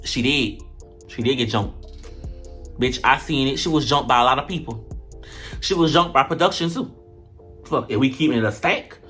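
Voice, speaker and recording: Foul-mouthed reviewer ranting about a reality show episode, lively and dramatic, faint music underneath. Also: medium pitch, normal speed, long pauses. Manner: animated, profane, dramatic retelling. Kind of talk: casual commentary vlog.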